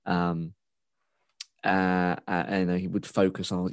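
Ranting man, low voice, dry. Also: slow pace, dry recording. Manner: swearing, ranting, animated; rambling with restarts and fillers. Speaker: podcast co-host. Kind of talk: casual chat.

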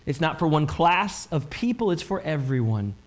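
A man preaching a Sunday sermon as pastor, animated, asking rhetorical questions and voicing listeners' thoughts. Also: on the high side, normal speed.

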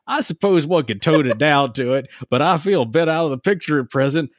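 A man voicing a cheery young nobleman with a drawling Texan accent, higher than his own voice. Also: expressive, fairly quick, no room sound, clean studio sound. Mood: uneasy.

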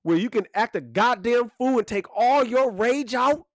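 Casting: a high-voiced man who swings his pitch widely, speaking in a profane rant, close and dry. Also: normal speed, no room sound. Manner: animated, profane, ranting with emphatic repetition. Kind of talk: profane monologue.

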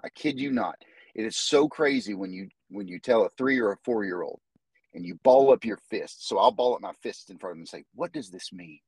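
A man, a jiu-jitsu instructor, talking as a guest in a casual podcast interview, animated and full of restarts. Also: mid-range voice, brisk, creaky, slightly rough, dry recording, poor audio. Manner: animated storyteller, many restarts.

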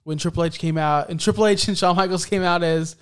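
A man co-hosting a wrestling podcast, animated and joking in casual chat. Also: high-pitched, fast talker, clear, resonant tone. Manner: animated, joking, talks over his co-host. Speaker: podcast co-host.

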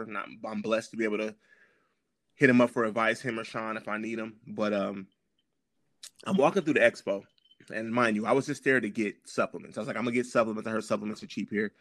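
A man with a fairly low voice tells his story as a podcast guest, loose and full of slang, often stopping to clear his throat. The sound is dry and close, with no room around it. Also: fairly bright tone, dry recording. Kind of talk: casual storytelling conversation.

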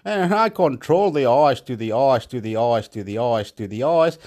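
A man from Chile, talking in a rambling, profane monologue in broken English that jumps between loud and soft. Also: medium pitch, normal speed. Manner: excitable, repetitive, swings loud and soft.

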